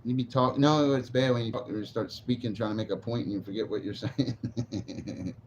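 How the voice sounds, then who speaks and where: A man's voice: medium pitch, fairly even intonation, normal speed, darkish tone. A man livestreaming while stoned, rambling and swearing casually as he answers his chat. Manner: rambling, profane, laid-back. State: stoned, zoned out. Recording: dull lo-fi stream audio with faint noise.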